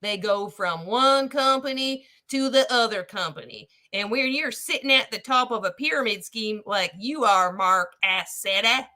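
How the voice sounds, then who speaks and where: A woman's voice: mid-range voice, animated, moderate pace, hardly any pauses, sharp tone. A woman voicing a crusty old male gold prospector in a mocking drawl, calling people son and partner. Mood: lecturing.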